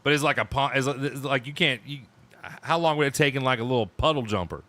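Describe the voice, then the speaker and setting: A man's voice: medium pitch, fast, sharp tone, no echo. An American man in a band chatting casually on a stream, rambling with lots of fillers and restarts. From United States. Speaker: band member co-hosting a stream chat. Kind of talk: casual chat.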